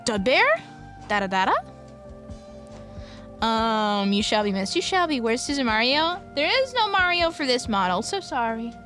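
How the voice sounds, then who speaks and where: A young woman chats on her live stream, giggling and drifting into playful tangents. Her voice sits high and bright and swings widely in pitch. Soft music plays faintly behind her. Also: big pitch swings, normal speed, pauses often. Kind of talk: casual live-stream chat reading viewer messages.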